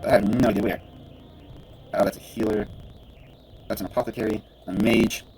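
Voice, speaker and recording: A man's voice: on the low side, big pitch swings, normal speed, gravelly, a little mellow, a little hiss or hum. A man giving casual gameplay commentary, muttering to himself and bursting into cursing rants. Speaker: gamer playing a role-playing game.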